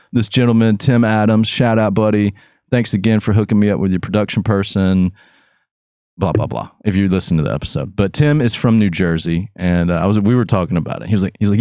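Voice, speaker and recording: A man hosting a podcast, chatting casually in a goofy, rambling way. His voice sits low. The recording is dry and close. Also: a little mellow, no room sound. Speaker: podcast host. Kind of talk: casual chat.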